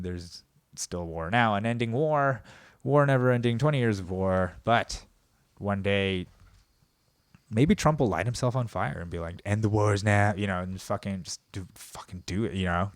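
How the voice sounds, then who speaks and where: A man with a lowish, smooth and resonant voice delivers a rambling comic rant on his podcast. He riffs sarcastically, breaking into laughter, jumping between loud bursts and muttered throwaway lines. The sound is close and dry. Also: dry recording. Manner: swings between loud outbursts and mumbled asides. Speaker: podcast host. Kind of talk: comedic monologue.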